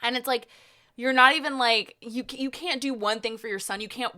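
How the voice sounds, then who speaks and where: Brief: young female podcast co-host, bright forceful voice, blunt and emphatic, casual swearing. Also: a little high, a little fast. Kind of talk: casual chat.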